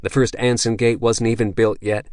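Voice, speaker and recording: A man voicing a crude, boisterous veteran soldier who swears constantly and talks loudly with swagger. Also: mid-range voice, flat delivery, normal speed, dry recording, clean studio sound, pitched above the performer's own voice, natural voice. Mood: brash. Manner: profane, swaggering, loud.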